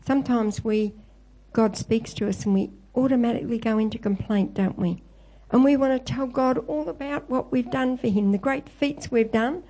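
A woman's voice: a little high, moderate pace, dark tone, low-quality recording. A woman preaching a sermon, retelling scripture stories and quoting them with a lifted voice.

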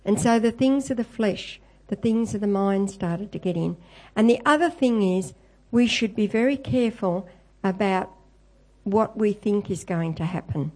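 A woman preaches a sermon in a warm, mellow voice of middle pitch. She retells scripture as a story and lifts her voice when she quotes it. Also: low-quality recording. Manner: storytelling, quoting scripture with lifted voice.

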